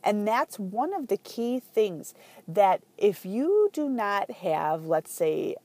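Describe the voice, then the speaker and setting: A woman hosting a podcast, telling a story in a chatty, animated way with lots of fillers. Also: medium pitch, slow pace, dry recording. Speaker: podcast host. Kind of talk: casual podcast monologue.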